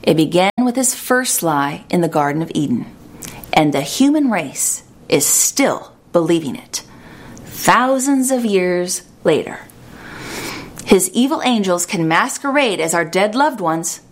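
A woman preaching a sermon in an earnest, measured way, slowing down for emphasis. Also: lowish voice, animated.

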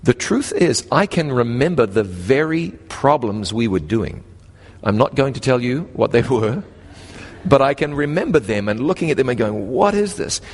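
Man with a New Zealand accent telling a sermon story in a long echoing hall, mid-range voice, pitch and pace shifting for effect. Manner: animated, rises and drops sharply in pitch, slows for emphasis. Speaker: preacher.

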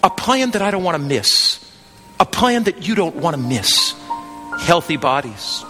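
A man preaching an evangelistic sermon, swinging from impassioned near-shouts to a hushed, gentle altar call. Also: fairly high pitch, sing-song, measured pace, big-room sound, music in the background.

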